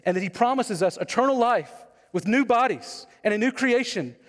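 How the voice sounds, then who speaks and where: A man's voice: extremely high pitch, expressive, moderate pace. A man preaching a sermon as pastor, conversational, often asking the congregation questions. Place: church sanctuary. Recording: long hall reverb.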